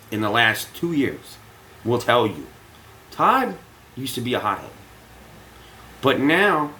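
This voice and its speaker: Man, casual storytelling vlog, lively intonation, bright forceful tone, profane. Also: medium pitch, poor audio. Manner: animated, profane, acts out quotes. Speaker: vlogger.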